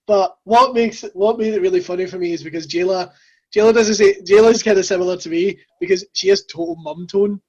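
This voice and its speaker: Scottish woman host, husky voice. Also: mid-range voice, lively intonation, dark tone. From Scotland. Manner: chatty, joking, quick asides. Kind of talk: casual interview chat. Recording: dull lo-fi mic sound.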